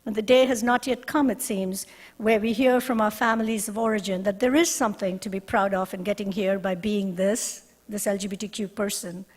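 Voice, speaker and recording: A woman directing a university resource center, giving an earnest, measured ceremony speech with deliberate pauses. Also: mid-range voice, fairly even intonation, in a large hall. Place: ceremony hall.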